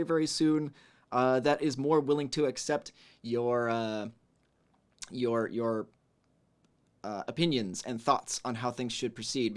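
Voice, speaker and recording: Chatty man with a slightly high voice. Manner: relaxed, chatty, hums to himself between messages. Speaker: livestream host reading chat. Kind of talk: casual livestream chat.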